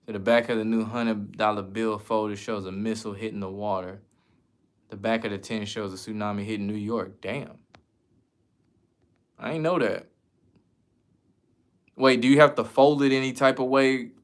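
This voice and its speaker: A man's voice: lowish voice, fairly even intonation, moderate pace, long pauses. A man from the United States chatting casually as a streamer, answering viewer questions in a loose, slangy, profane way. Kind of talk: casual chat.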